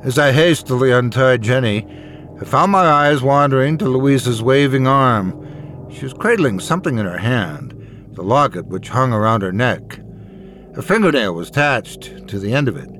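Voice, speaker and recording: A man narrating a first-person horror story in a measured, dramatic way. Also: medium pitch, animated, a bit bright, soft background music.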